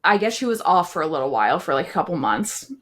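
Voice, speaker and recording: A woman's voice: lowish voice, big pitch swings, fast. A young woman co-hosting a podcast in casual chat, talking loosely with lots of fillers. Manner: chatty, many fillers and "like"s. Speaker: podcast co-host.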